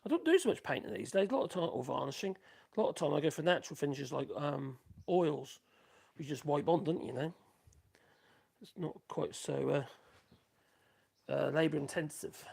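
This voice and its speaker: A man's voice: a little high, animated, normal speed, gravelly, long pauses, darkish tone, slightly rough. A man rambling casually to viewers, muttering asides to himself as he works in his workshop. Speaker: woodworking livestream host. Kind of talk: casual chat while working.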